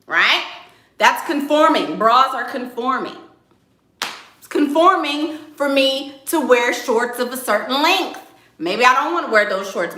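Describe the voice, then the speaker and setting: A woman's voice: medium pitch, sharp tone, echoey room. A woman dating coach on a livestream, giving blunt, sassy and playful advice and reading out viewer comments.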